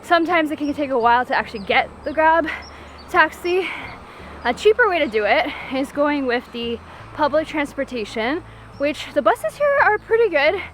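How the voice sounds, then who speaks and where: A woman's voice: high-pitched, expressive, normal speed, fairly bright tone, slight background noise. Chatty woman vlogging on a hike. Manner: chatty, laughs often. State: out of breath from hiking. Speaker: travel vlogger. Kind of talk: casual travel vlog. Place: outdoors on a forest hiking trail.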